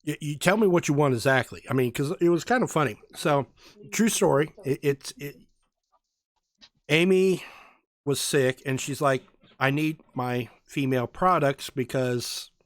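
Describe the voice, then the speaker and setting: A man with a slightly high voice tells a long, animated story in a casual chat. He acts out the people he met along the way. The sound is close and dry, with no room around it. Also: measured pace, no room sound. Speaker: podcast co-host.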